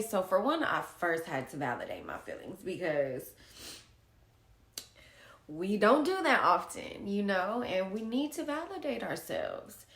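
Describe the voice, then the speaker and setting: Candid emotional woman, slow and lively. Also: mid-range voice, creaky, echoey room. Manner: emotional, blunt, swears freely. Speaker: vlogger. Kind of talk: candid personal monologue.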